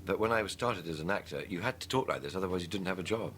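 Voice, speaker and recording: A man, a soft-spoken actor being interviewed. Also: low voice, very fast.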